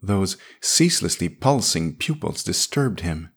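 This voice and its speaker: A man reading a classic science fiction story aloud in a measured, descriptive storytelling manner. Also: low-pitched, sing-song, slightly rough. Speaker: podcast narrator.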